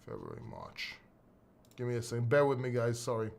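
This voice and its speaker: A man's voice: medium pitch, wildly swooping pitch, fairly quick, vocal fry. A middle-aged man from Greece, a crypto video host, talking casually and bluntly, swearing and rambling with restarts. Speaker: crypto YouTuber. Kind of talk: casual solo video talk.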